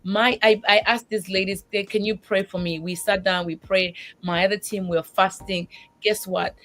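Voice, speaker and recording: A woman guest sharing her life as a single mother on a faith talk show, animated and tearful, often restarting her sentences. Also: mid-range voice, moderate pace, soft background music.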